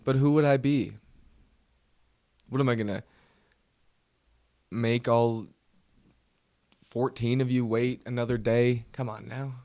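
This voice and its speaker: A man's voice: mid-range voice, fairly even intonation, slow, pauses often, darkish tone, no echo, clean studio sound. A man hosting his own comedy podcast, ranting nervously and mocking himself. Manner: nervous, self-mocking rant. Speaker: podcast host. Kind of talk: solo comedy podcast monologue.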